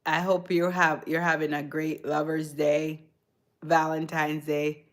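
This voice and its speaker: Woman streamer, a mother, lowish voice, loose chatty delivery, greets viewers by name. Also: flat delivery, a little slow. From born in Jamaica, raised in the United States. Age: adult mother. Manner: chatty, talks straight to viewers by name, restarts words. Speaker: livestream host chatting with viewers. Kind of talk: casual live chat.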